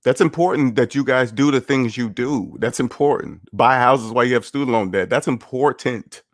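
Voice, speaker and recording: Man, finance livestream host, blunt and sarcastic, mid-pitched voice, dry close sound. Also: moderate pace, dry recording. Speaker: finance commentator. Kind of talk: casual livestream commentary.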